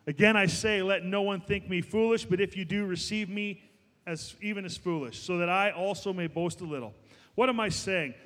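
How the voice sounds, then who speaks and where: Emphatic preacher guy, bright sharp tone, big echoey church hall. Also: high-pitched, normal speed. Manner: emphatic, building to raised passionate delivery. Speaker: pastor. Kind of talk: sermon.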